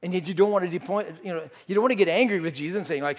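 A man's voice: high voice, rapid-fire, hardly any pauses. A man preaching a sermon, telling a story and acting out the disciples' voices. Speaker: pastor. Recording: reverberant hall.

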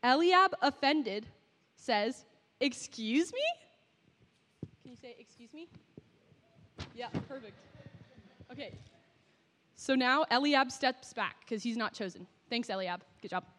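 A woman's voice: on the high side, animated, unhurried, a bit bright, big-room sound. A woman narrating and directing a Bible skit, coaching the actors cheerfully and often laughing.

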